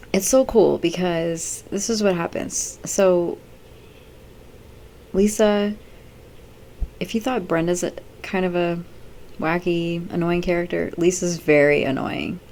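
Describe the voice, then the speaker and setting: A woman's voice: fairly low pitch, measured pace, long pauses, darkish tone, a little hiss or hum. A middle-aged woman vlogging in casual chat, rambling off the cuff with many fillers.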